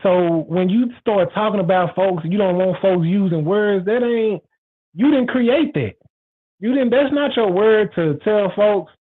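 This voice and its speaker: A man's voice: high voice, a little slow. A man hosting a show, talking frankly in a rambling, repetitive, emphatic casual monologue. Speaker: show host. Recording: tinny phone-like audio.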